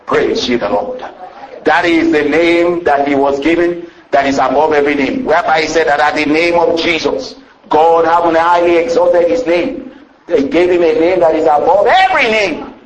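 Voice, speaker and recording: A man delivers a sermon in a slightly high voice. He reads old-style scripture aloud, stretching phrases and letting his pitch swoop up and drop low for emphasis. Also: low-quality recording. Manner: rhythmic preaching with swooping rises and drawn-out phrases. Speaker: preacher.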